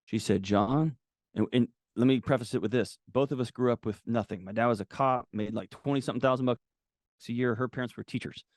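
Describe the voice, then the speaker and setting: Male guest, candid storyteller, mid-pitched, close dry podcast mic. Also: fast talker, no echo. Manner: candid, animated, acts out quotes. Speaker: guest author. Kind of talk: casual conversational storytelling.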